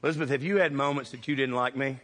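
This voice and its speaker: A man preaching a sermon, telling funny stories with animated shouts and laughter. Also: mid-range voice, racing. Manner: animated, shouting bursts, laughing through punchlines. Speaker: pastor. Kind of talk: humorous storytelling sermon. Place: church sanctuary. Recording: reverberant church hall.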